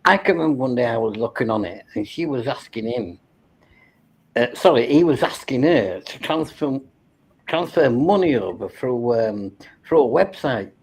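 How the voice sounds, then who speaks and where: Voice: mid-range voice, moderate pace, husky. A speaker chatting on a stream, telling stories loosely, swearing and laughing often. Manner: swears freely, laughs often, lively storytelling. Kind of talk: casual chat, reminiscing.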